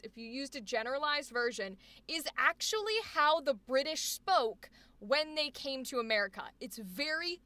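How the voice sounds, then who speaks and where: A woman's voice: sits high, bright, forceful tone, dry recording. A young adult woman streaming, chatting casually with her viewers and swearing freely. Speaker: livestreamer reading chat. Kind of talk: casual livestream chat.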